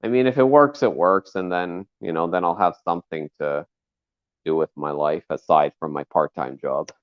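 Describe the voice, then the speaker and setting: A man chatting casually on a stream, rambling, loud and joking. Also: deep voice, moderate pace, dry recording, dull audio.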